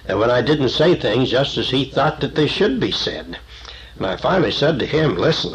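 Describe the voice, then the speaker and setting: A man with a low voice gives a sermon-style Bible lesson, explaining things plainly and at an easy pace. He pauses often on "uh" while he gathers his thoughts. The sound is dull and lo-fi, like an old tape with a faint hiss behind it. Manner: plain, unhurried teaching with frequent "uh" pauses. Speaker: Bible teacher.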